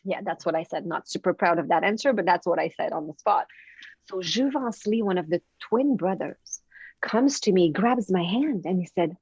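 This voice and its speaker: Canadian woman telling stories on a podcast, bouncy and animated, dry muffled audio. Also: normal speed, breathy edge, no echo. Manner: animated, repeats words, swings pitch when telling stories. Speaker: podcast guest, confidence coach. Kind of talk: casual interview storytelling. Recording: dry, dull lo-fi sound.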